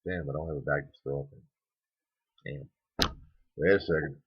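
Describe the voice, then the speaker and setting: A man's voice: extremely low pitch, fairly even intonation, moderate pace, muffled recording, noisy background. A man vlogging, muttering casual asides to camera with sighs.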